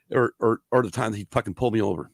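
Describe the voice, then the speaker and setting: Gravelly man telling profane stories. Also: lowish voice, no echo. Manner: profane, animated storyteller. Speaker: podcast host. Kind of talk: casual storytelling chat.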